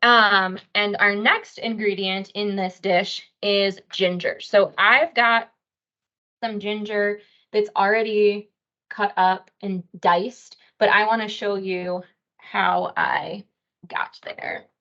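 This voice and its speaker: A woman's voice: medium pitch, fairly even intonation, slow pace, pushed and bright, dull audio. A woman dietitian teaching a cooking class, explaining each step in a casual, friendly way with a few fillers.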